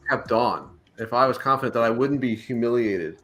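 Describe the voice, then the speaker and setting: Halting, dryly wordy man. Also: medium pitch, crowd noise. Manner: hesitant with many restarts, dry wordy humor. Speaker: co-host of a 3D art live stream. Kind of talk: casual chat while sculpting.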